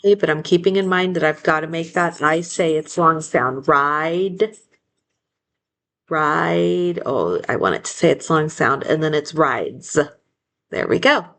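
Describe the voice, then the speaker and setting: Slow patient woman teaching spelling. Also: low-pitched, a bit bright. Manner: slow, patient, sounds words out syllable by syllable. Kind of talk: spelling lesson dictation.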